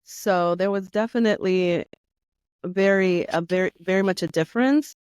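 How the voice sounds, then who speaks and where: A woman's voice: medium pitch, moderate pace, a little mellow, smooth. A middle-aged woman from New York, talking casually as an interview guest, with many fillers and the odd Spanish phrase. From New York, USA. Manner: chatty, many fillers like "you know" and "like".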